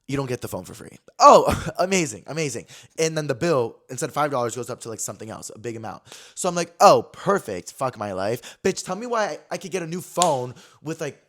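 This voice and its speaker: Fast-talking young man telling a story. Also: a little high. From California. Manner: animated, swears a lot, acts out quotes. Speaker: podcast host. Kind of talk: casual storytelling chat.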